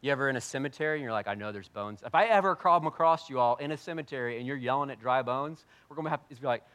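A man preaching a sermon, animated and jokey, swinging between loud bursts and quiet asides. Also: medium pitch, racing. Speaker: pastor.

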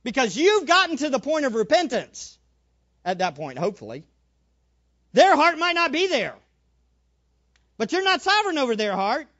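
A male preacher giving a sermon, animated, acting out little scenes and repeating phrases for emphasis. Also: very high-pitched, moderate pace, pauses often, dull audio.

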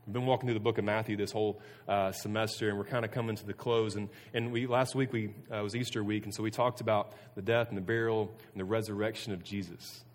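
A youth pastor giving a casual sermon to students, earnest and conversational, often restarting sentences. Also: male voice, lowish voice, steady tone, fast talker, hardly any pauses. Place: room with a student audience. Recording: long reverb of a hall.

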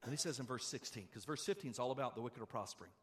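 Delivering a sermon, a middle-aged male pastor sounds animated and conversational, moving from loud, rapid bursts into quiet, hushed passages.

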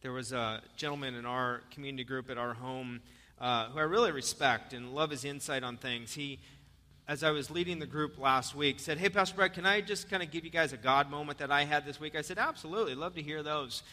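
A man preaching with a high, very bright and sharp voice that rings out through a long church-hall reverb. He jumps into animated storytelling, then drops into soft, earnest appeals to his congregation. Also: fairly quick. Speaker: pastor. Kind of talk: sermon.

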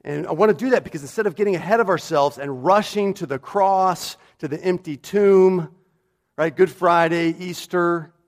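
A man's voice: high voice, moderate pace. Man preaching an emphatic sermon. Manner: emphatic, repeats key phrases. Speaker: pastor.

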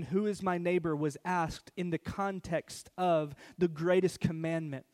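A male pastor delivering a sermon in a lively storytelling manner. His voice sits high for a man, and he talks in a relaxed, conversational way.

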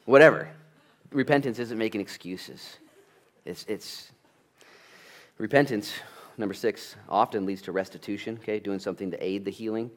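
A male pastor preaching a sermon, telling family stories with lively acted-out dialogue. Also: on the low side, normal speed. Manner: animated storytelling, acts out family dialogue.

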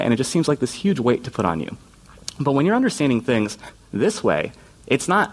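A man giving a sermon as a youth pastor. His voice sits at an ordinary middle pitch, and his delivery is earnest and informal, with everyday asides. He often drops into quoted voices while he teaches. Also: very animated, brisk. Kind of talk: conversational sermon.

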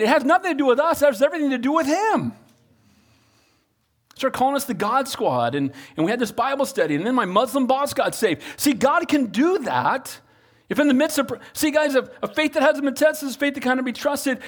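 A man preaching a sermon as pastor, animated and calling on the congregation for amens. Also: high-pitched.

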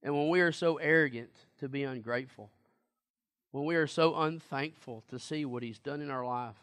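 A man's voice: medium pitch, moderate pace, fairly bright tone, clean tone. A man preaching a sermon in a conversational, emphatic way and asking the congregation questions.

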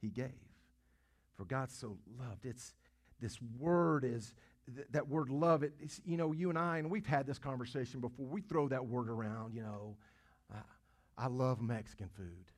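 A man's voice: medium pitch, moderate pace. A man preaching a sermon. He asks the congregation questions, repeats words as he goes, and swells to emphatic peaks. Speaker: pastor.

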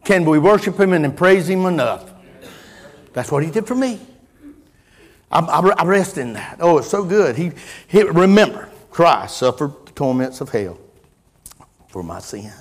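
A middle-aged man preaching a sermon, folksy in tone, moving from quiet musing to loud impassioned preaching. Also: fairly high pitch, big pitch swings, unhurried, long pauses, big-room sound. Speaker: pastor.

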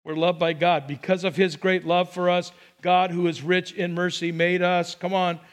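An older man, a pastor, preaching a sermon in a church and telling stories in an animated way. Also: sits high, moderate pace, clear, resonant tone. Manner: animated storytelling, acts out scenes.

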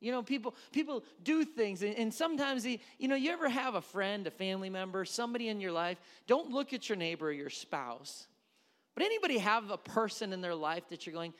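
A man delivers a sermon in a church. His voice sits high and swings widely as he tells the story with animation and throws questions out to the congregation. The sound hangs in a long hall reverb. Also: very animated, a little fast, fairly bright tone. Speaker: pastor.

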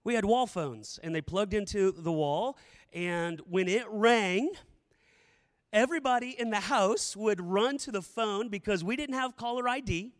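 A man's voice: high-pitched, measured pace, long reverb tail. A middle-aged male pastor preaching a sermon, telling the story dramatically and repeating phrases for emphasis.

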